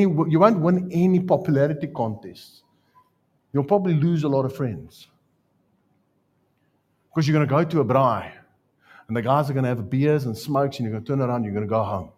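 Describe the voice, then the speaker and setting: A man with a South African accent preaching a sermon, telling stories with jokes and lively asides. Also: mid-range voice, brisk, long pauses. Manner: storytelling, joking, animated asides. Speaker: pastor.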